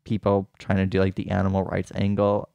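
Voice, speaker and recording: A man's voice: deep voice, completely flat delivery, fairly quick, creaky, warm tone, no room sound, highs cut off. A man co-hosting a podcast in casual comedic chat, chatty and laughing, with many fillers. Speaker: podcast co-host.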